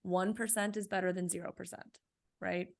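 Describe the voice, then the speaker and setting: A woman with a low, gravelly voice answers interview questions about her book. She speaks in a flat, even line, gives practical coaching advice and keeps asking "right?". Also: moderate pace. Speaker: author and guest.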